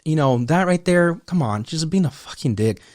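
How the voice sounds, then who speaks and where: A man's voice: a little high, normal speed, no room sound, clean studio sound. A man hosting a casual commentary monologue, joking and acting out mock dialogues. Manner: animated, profane, joking, acts out mock dialogues. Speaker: podcast host.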